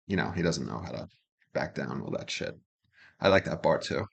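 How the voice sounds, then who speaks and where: A man's voice: extremely low pitch, lively intonation, a little slow, gravelly, pauses often, breathy edge. A man co-hosting a reaction channel, breaking down song lyrics in a loose, chatty way and swearing freely. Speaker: co-host of a music reaction channel.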